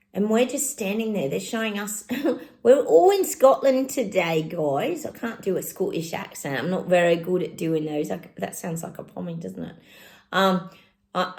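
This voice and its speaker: A middle-aged woman chats through a casual psychic reading and speaks straight to her viewers. Her voice carries a lot of gravelly fry, and she exclaims often. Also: lowish voice, darkish tone. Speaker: psychic channel host.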